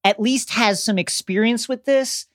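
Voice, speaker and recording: A man's voice: very high voice, a little slow, fairly bright tone, no room sound, clean studio sound. A man co-hosting a podcast, chatting casually and wryly, laughing along. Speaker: podcast co-host. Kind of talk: casual chat.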